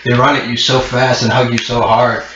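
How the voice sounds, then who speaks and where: A man's voice: mid-range voice, level tone, normal speed, fairly bright tone, a little hiss or hum. A man narrating a tabletop game as game master, rambling with many fillers. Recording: muffled echoey room.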